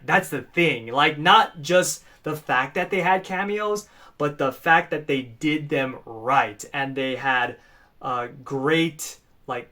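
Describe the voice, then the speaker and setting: A young man in casual, rambling fan commentary, gushing with frequent animated outbursts. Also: a little high. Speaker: fan channel co-host.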